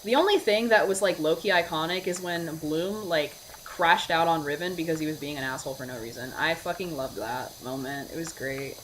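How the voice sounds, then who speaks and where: A woman's voice: low-pitched, brisk, hardly any pauses, a little hiss or hum. A young woman ranting casually and with heavy swearing, full of "like" fillers, while she plays a game at her desk. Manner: animated, profane, rants with filler "like". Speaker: vlogger. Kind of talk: casual rant.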